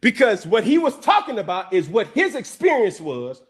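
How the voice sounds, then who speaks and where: A man as a guest on a sports talk show, speaking emphatically and now and then raising his voice to a shout. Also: wildly swooping pitch, normal speed, husky. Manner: emphatic, preachy, swings in pitch.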